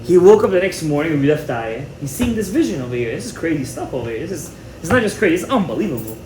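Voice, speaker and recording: A man with a fairly high voice gives an animated, emphatic Torah class and drops in Hebrew terms as he goes. His words ring around a reverberant room. A faint ambient hum sits underneath. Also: quick pace. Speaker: rabbi teaching a Torah class. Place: indoor room with a live audience.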